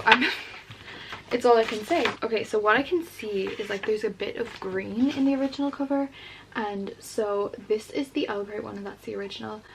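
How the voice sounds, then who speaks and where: A woman's voice: mid-range voice, poor audio. Gushing young woman with background hiss. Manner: gushing, excitable, many "like" fillers. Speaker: book vlogger. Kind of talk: casual unboxing chat.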